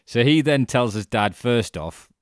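A man's voice: medium pitch, unhurried, clean tone, dry recording, clean studio sound. A man co-hosting a casual podcast, retelling a documentary and acting out the quotes with frequent laughter. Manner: animated storyteller, acts out quotes, laughs often.

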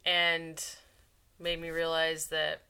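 A woman co-hosting a podcast in casual chat, with dry, wry humor and deadpan quips. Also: low-pitched, takes it slowly, clean tone. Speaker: podcast co-host.

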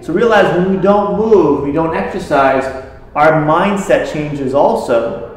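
A man with a slightly high voice talks casually to a group and tells stories about the patients he treats. He speaks in a conversational way. The recording has a lot of echo, like a big bare room. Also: measured pace. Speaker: health practitioner treating patients. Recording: very echoey room.

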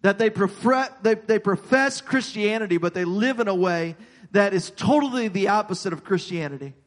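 A man's voice: high voice, animated, moderate pace, in a large hall. A man preaching a sermon as pastor, earnest, often repeating and restarting his words.

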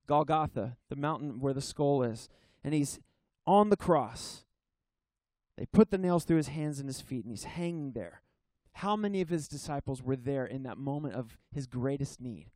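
A pastor preaching to his church in a fairly high man's voice, earnest and emphatic. He leans on key phrases by slowing down and sometimes stumbles and restarts mid-sentence. The sound is dry and close. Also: a little mellow, dry recording. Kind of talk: sermon. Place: church service.

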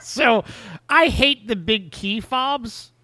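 A man with an Australian accent chats on a podcast in a high, bright voice. He rambles, cutting himself off and restarting his sentences. The room sounds dry, with no echo. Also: lively intonation, takes it slowly. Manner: rambling, self-interrupting storyteller. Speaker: podcast co-host. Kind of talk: casual chat.

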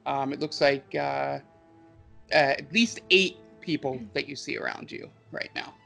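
Bright-voiced man narrating as game master. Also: mid-range voice, creaky, soft background music. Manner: halting, with many ums and uhs.

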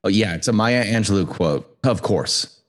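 A man's voice: lowish voice, lively intonation, normal speed. A man hosting a podcast interview, talking in a conversational, enthusiastic way. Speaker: podcast host.

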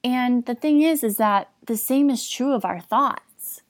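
A woman's voice: fairly high pitch, unhurried, no echo, clean studio sound. A young woman hosting a podcast, speaking in a candid, confessional way with casual fillers. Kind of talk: personal reflective talk.

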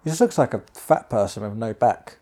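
A podcast host gives rambling, jokey commentary over a film, often talking to himself. His voice is lowish and warm, with lively intonation and a slightly fast pace.

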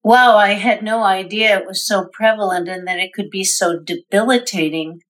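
A woman co-hosting a podcast, reading a smooth scripted introduction and chatting in a friendly way. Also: mid-range voice, fairly even intonation, moderate pace. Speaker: podcast co-host. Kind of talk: scripted introduction and casual chat.

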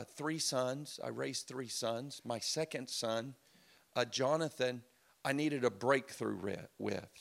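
A man's voice: medium pitch, gravelly. A middle-aged man preaching a sermon, telling stories in a chatty way and acting out quotes. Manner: conversational storytelling with laughs and acted quotes. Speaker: pastor.

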